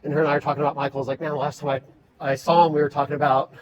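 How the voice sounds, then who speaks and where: A man's voice: on the high side, little pitch movement, very fast, muffled recording, crowd noise. A man chatting casually on a podcast, telling long running stories with many fillers and restarts. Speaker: podcast guest, ultrarunner.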